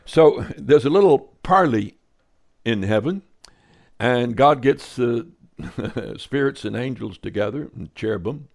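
A man's voice: medium pitch, expressive, unhurried, gravelly, darkish tone. A man teaching a sermon in a conversational way, reading scripture aloud and adding wry, offhand comments. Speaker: Bible teacher.

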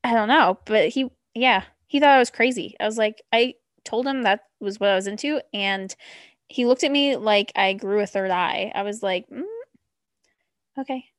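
A woman's voice: mid-range voice, no echo, clean studio sound. Blunt, cursing woman podcast co-host. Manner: blunt, swearing, quick reactions. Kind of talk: casual chat.

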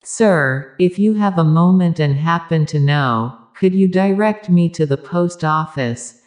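A speaker voicing a gentle, courteous man from Vienna who asks politely and speaks softly. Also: mid-range voice, a little slow, lightly acted.

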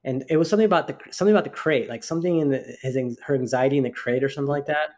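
Speaking at a racing clip, a podcast co-host with a medium-pitched, darkish voice tells a rambling story during casual chat, restarting his sentences again and again.

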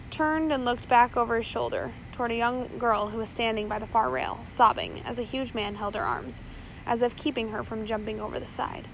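A woman narrating an audiobook chapter in a steady reading voice, with occasional small slips. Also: on the high side, creaky, a little hiss or hum, poor audio.

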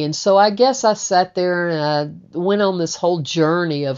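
Low-voiced woman rambling thru her own story, repeats herself, muffled sound. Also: normal speed, a little mellow, clean tone. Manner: candid, rambling, repeats words. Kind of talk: personal storytelling. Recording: dull lo-fi recording.

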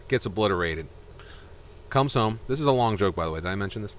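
A lower-pitched man with a bright, forceful tone, co-hosting a loose podcast. He tells a long joke with lots of energy and acts out the characters along the way. A faint hiss of noise sits under his voice. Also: fast talker. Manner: animated storyteller, shifts voices for characters. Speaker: podcast co-host. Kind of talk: casual joke-telling chat.

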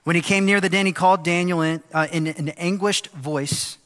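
A male pastor preaching a sermon, animated and lively, often acting out the voices of people in the story. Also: sits high, moderate pace, few pauses. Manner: animated, acts out quoted voices. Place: church sanctuary. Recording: long hall reverb.

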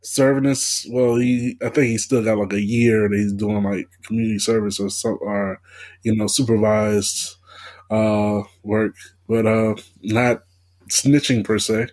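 A man's voice: lowish voice, flat delivery, a little slow, a little mellow. A man co-hosting a casual podcast chat, hesitant and full of fillers. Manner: hesitant, many uh and you know fillers.

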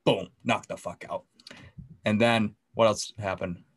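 A man co-hosting a podcast, excitedly recapping a TV episode in casual chat, swearing often and acting out the scenes. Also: lowish voice, unhurried, husky, no echo, studio quality. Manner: excitable, profane, acts out scenes. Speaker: podcast co-host.

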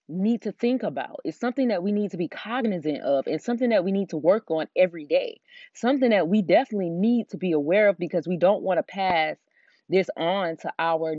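A woman's voice: on the low side, warm tone, no room sound. Chatty Southern woman podcaster. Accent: Southern American. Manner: chatty, rambling, frequent fillers. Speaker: podcast host and Christian life coach. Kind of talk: casual solo podcast talk. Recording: dull, dry lo-fi recording.

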